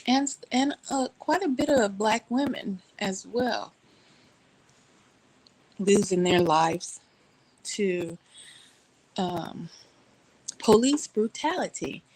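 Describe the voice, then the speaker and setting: A woman, from Texas, telling a story in casual chat from her couch at home, animated and laughing, playfully shifting her voice. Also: mid-range voice, slow pace, pauses often, slightly rough, rough recording.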